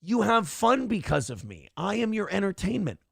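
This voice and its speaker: Blunt man, gravelly and dry. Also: high-pitched, very animated, moderate pace, fairly bright tone, no echo. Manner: blunt, combative, swearing freely. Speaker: host of a live-streamed morning show. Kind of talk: casual live-stream talk reading donations.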